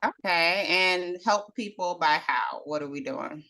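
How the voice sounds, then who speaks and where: A woman's voice: fairly low pitch, unhurried, bright, forceful tone, dry recording. A woman hosting a casual podcast, asking short prompting questions. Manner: brief, prompting questions with laughter. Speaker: podcast host.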